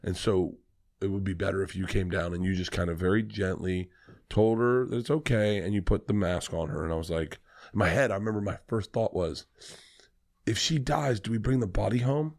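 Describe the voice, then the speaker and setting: A comedian on a podcast telling a long personal story in a casual, animated, swearing manner. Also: male voice, sits low, a little fast. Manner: animated, profane, fillers like "like".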